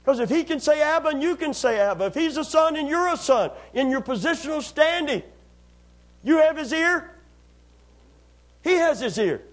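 At an extremely high pitch and with lively intonation, a man preaches as pastor to his congregation. He calls for their responses and elongates the key lines, growing loud to stress them.

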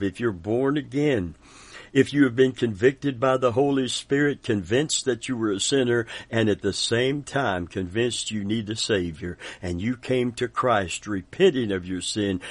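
A man preaching a sermon as pastor, fervent, with frequent amens and soft chuckles. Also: mid-range voice, dry recording.

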